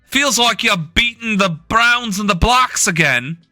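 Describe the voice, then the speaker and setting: Man doing a British bloke, mocking, slangy, high-pitched, strained. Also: lively intonation, measured pace, pushed and bright, no echo, studio quality, soft background music, exaggerated voice. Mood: indignant mocking. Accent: British put-on. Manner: scolding, slangy. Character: mocking cockney-style British bloke, indignant.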